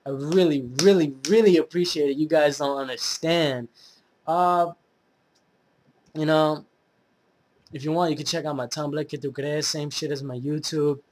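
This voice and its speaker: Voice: mid-range voice, steady tone, moderate pace, long pauses, a little mellow. Profane young vlogger ranting. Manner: profane, blunt, rambling with many fillers. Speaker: YouTube vlogger. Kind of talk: casual ranting monologue.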